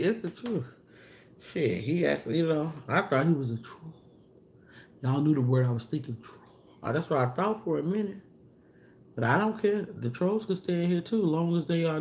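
A woman hosting a casual livestream, chatting loosely and reading out viewer comments, her voice jumping up as she greets people. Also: slight background noise. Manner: chatty, reads and answers viewer comments aloud, loose slangy talk; animated, pitch jumps up for greetings. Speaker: livestream host. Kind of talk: casual live-stream chat with viewers.

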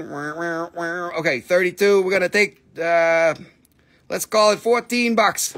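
Man, high voice, jokey live-sale host calling prices like an auctioneer. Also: measured pace, fairly bright tone. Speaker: host selling minerals on a live stream. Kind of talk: live sales stream patter.

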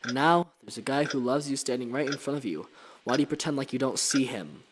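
Devoted young boyfriend, read by a man, earnest, pleading, mid pitch, noisy recording. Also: animated, fairly quick, close to an everyday voice.

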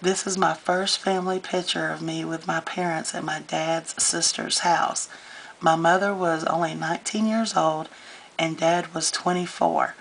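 A woman talks slowly through a casual show-and-tell vlog, gushing and getting a little choked up. Her voice is low and gravelly and stays fairly flat. A faint hiss sits behind her. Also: poor audio. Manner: gushing, chatty, easily moved. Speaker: scrapbooking vlogger.

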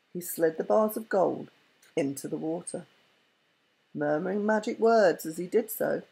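Woman storyteller, low voice, husky and gravelly, unhurried storybook reading. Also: dark tone, rough recording. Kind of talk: storybook narration.

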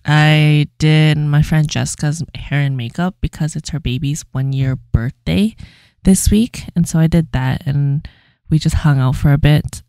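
A woman's voice: low-pitched, steady tone, a little slow, warm tone, dry recording, studio quality. A young woman co-hosting a podcast, telling stories in a chatty way with casual swearing. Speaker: podcast co-host. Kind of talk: casual chat.

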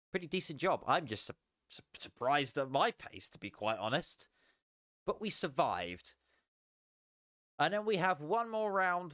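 A tired young man chatting casually as a sim racing streamer, relaxed and rambling with frequent chuckles. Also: on the high side, clear, resonant tone, no room sound, studio quality. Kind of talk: casual live stream chat.

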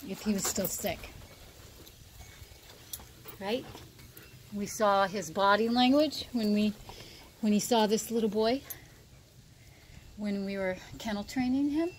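A woman at an outdoor dog rescue talking in a low, hushed voice to the camera, and switching to high, excited praise when she speaks to the dogs. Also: unhurried, pauses often, slight background noise. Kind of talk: casual vlog narration.

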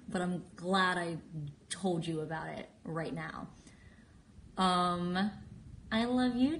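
A woman's voice: mid-range voice, a little hiss or hum. A woman in her twenties chatting casually on a phone live stream, bubbly and giggly, reading out fan usernames and answering their questions. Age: 20s. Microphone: phone at arm's length.

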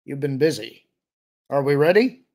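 A man's voice: mid-range voice, expressive, moderate pace, vocal fry, a little mellow. A man voicing a cocky, roguish male pilot in an audiobook reading, offhand and pleased with himself. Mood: smug.

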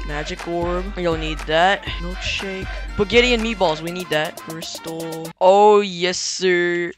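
A jumpy gamer talks through a scary game live, firing off repeated words in bursts. Their pitch sits in the middle. Loud game music plays behind the voice. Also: unhurried. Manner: excitable, repeats words in bursts, yelps and shouts when startled. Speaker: gamer playing a horror game. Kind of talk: live gameplay commentary.

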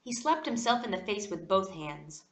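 A woman reading a children's storybook aloud with expressive delivery. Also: mid-range voice, normal speed, reverberant. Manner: expressive, animated. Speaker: reader.

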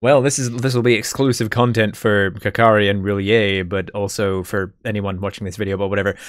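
Rambling Australian man, lowish voice. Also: steady tone, a little fast, dry recording, studio quality. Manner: rambling, chatty. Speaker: player hosting a podcast after-show. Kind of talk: casual chat.

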